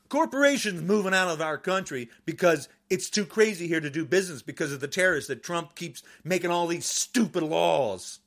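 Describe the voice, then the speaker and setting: A man delivering an angry political rant to camera, agitated and repeating insults as he talks. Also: sits high. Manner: furious, repetitive, shouting insults. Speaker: podcaster.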